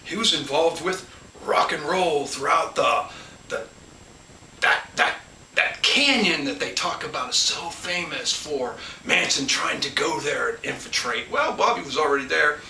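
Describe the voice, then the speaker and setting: A man's voice: a little high, lively intonation, unhurried, gravelly, bright, forceful tone, far from the mic. A man hosting his own channel, talking in a casual, rambling monologue full of restarts and asides. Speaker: collector and channel host. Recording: echoey room, off mic, faint background hum.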